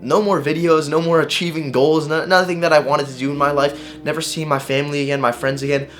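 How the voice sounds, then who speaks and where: A young man vlogger telling a personal story to camera in a casual, animated way, swearing and using slang. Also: fairly high pitch, a little fast, faint music behind.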